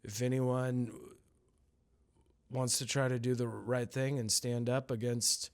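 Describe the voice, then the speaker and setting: A man hosting a casual solo podcast, rambling through news with crude jokes, swinging between loud outbursts and mutters. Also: mid-range voice, level tone, slow pace, smooth. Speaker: podcast host.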